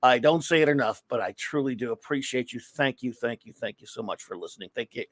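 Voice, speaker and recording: A man hosting a live comics talk show, chatting casually and rambling through friendly shout-outs to viewers in the chat. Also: mid-range voice, quick pace, no echo. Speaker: podcast host.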